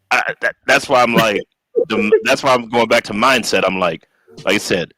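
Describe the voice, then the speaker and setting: Low, bright-toned man in his thirties. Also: measured pace, faint music behind. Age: 30s. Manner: thoughtful, hesitant. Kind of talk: casual chat.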